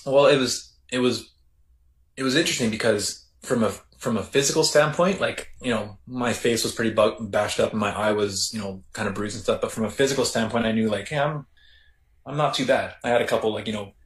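Canadian man, reflective, low voice in roomy echo. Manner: reflective, halting with many restarts. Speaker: podcast guest, former correctional officer. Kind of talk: casual storytelling interview.

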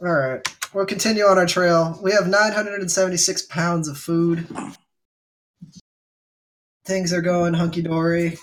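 A man's voice: high voice, little pitch movement, a little slow, pauses often, noisy background. A man from Hawaii narrating a computer game for friends in a casual online chat, wry and jokey, reading the game text aloud. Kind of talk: casual let's-play chat.

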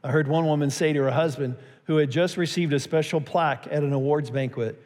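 Guy pastor preaching, voice a bit high, echo rolling round a big church. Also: steady tone, fairly quick, hardly any pauses, a little mellow. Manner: storytelling, acts out quotes in a raised voice. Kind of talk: sermon.

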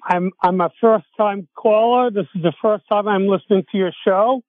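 A man calling into a radio show for the first time, polite and measured. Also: high-pitched, no echo, phone-quality sound. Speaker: caller. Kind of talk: call-in radio talk. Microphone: phone line.

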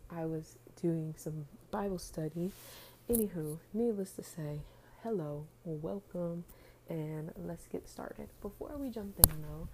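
Groggy, mellow-voiced woman podcast host. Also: lowish voice, a little hiss or hum, poor audio. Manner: rambling, chatty with fillers and restarts. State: groggy, just up. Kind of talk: casual faith podcast chat.

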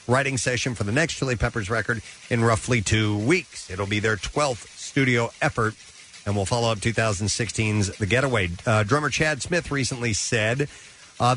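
A radio host, a man, runs through entertainment headlines in an easy, mid-pitched voice. He keeps up a brisk newsreader pace, sprinkled with "uh"s and offhand asides, from a studio. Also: a bit bright, a little hiss or hum. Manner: brisk newsreader delivery with filler "uh"s. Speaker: radio show host reading entertainment news. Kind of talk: morning radio news read with casual asides.

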